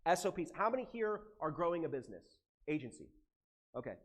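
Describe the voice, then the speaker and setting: An animated, emotional American man giving a live seminar talk to a conference audience and swearing casually. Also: fairly high pitch, quick pace. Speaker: conference speaker.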